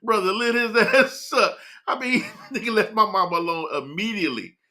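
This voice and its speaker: Man howling with laughter, lively pitch. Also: normal speed. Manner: laughing hard, breaking into giggles between words. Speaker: morning show host. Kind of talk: casual chat with live viewers.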